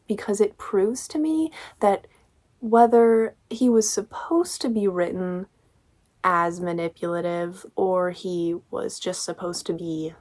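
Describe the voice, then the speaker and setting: A woman's voice: mid-range voice, a little mellow. A woman giving a casual, sarcastic book review, critiquing with exasperation.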